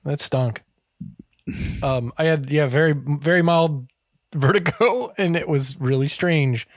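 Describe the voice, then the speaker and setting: A man's voice: a little high, slow, no echo, clean studio sound. Joking man hosting a podcast. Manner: joking, swearing, drops into silly impressions. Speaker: podcast host. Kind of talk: casual comedic chat.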